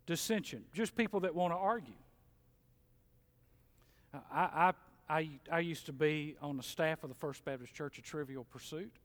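Animated pastor in a reverberant sanctuary. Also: male voice, fairly high pitch, normal speed, long pauses. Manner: animated, folksy, mocks complainers in mimicking voices. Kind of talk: sermon. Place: church sanctuary. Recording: long hall reverb.

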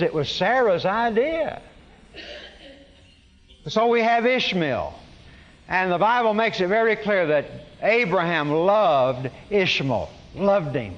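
A man delivers a sermon in a conversational, storytelling way. His voice sits a little high, and he often restarts his phrases with a touch of wry humor. Long reverb trails after his words. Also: a bit bright, muffled recording. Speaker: pastor.

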